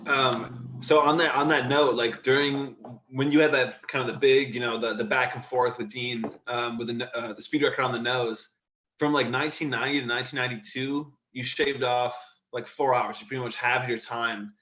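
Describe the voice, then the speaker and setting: A man's voice: mid-range voice, fairly even intonation, moderate pace, pushed and bright. A man interviewing a guest, asking long, hesitant, rambling questions. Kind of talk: casual interview. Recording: dull echoey room.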